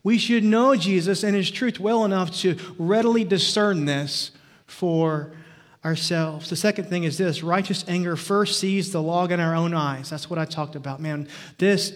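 A man preaching a sermon as pastor, emphatic, with loud rises and quiet drops. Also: high-pitched, normal speed.

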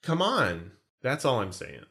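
A man's voice: mid-range voice, wildly swooping pitch, unhurried, a bit bright. A man co-hosting a podcast, chatting casually about a film in a rambling, jokey, self-mocking way. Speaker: podcast co-host.

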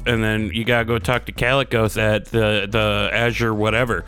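A man's voice: on the low side, level tone, normal speed, hardly any pauses, bright, forceful tone. A man co-hosting a podcast, retelling a story in a laid-back, crude and sarcastic way. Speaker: podcast co-host. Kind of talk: casual chat recapping a game questline.

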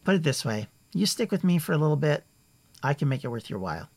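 A man doing a brisk older woman leader. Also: fairly high pitch, sing-song, vocal fry, dry recording, voice pushed up, exaggerated voice. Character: commanding older woman leader called Mother.

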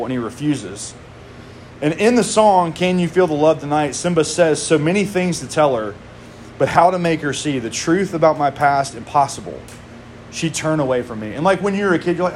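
A man's voice: fairly high pitch, animated, normal speed, slight background noise. A man in his thirties preaching a sermon to his congregation, conversational, with casual asides. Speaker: pastor.

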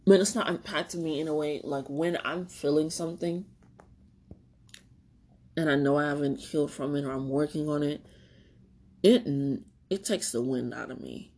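A woman's voice: deep voice, moderate pace, long pauses, darkish tone, breathy edge. A woman hosting a solo podcast, talking candidly and rambling about healing, swearing and laughing often, tearful at times. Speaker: podcast host. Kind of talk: reflective solo podcast monologue.

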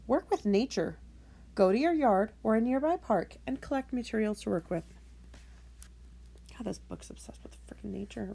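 A woman's voice: fairly high pitch, warm tone. A woman talking alone on her podcast, rambling and ranting, then apologizing with self-deprecating humor. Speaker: podcast host. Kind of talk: casual solo monologue. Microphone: microphone indoors.

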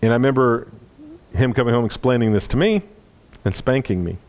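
A male preacher with an average-pitched voice tells a personal story in a sermon. He speaks earnestly and lets his voice sink low and quiet at the tender moments. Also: fairly quick.

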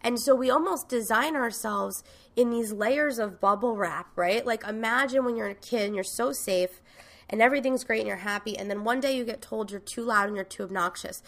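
A woman's voice: on the high side, brisk, a bit bright. A woman host and coach giving a frank, emphatic motivational talk, swearing casually now and then.

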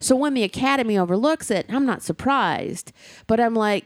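A woman's voice: on the high side, expressive, moderate pace, no room sound, clean studio sound. A woman co-hosting a casual chat show, talking in a blunt, emphatic way and swearing freely. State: tearful near the end.

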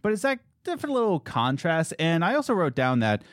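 A man's voice: a little high, sing-song, fairly quick, dry recording, clean studio sound. A young adult man co-hosting a podcast in loose, rambling casual chat, often correcting himself as he goes. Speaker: podcast co-host.

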